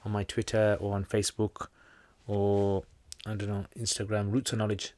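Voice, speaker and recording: A man's voice: on the low side, monotone, moderate pace, a little mellow, dry recording. A British man hosting a casual livestream Q&A. He answers viewers' questions on Islamic practice in a chatty, informal way and reads each question aloud before he answers.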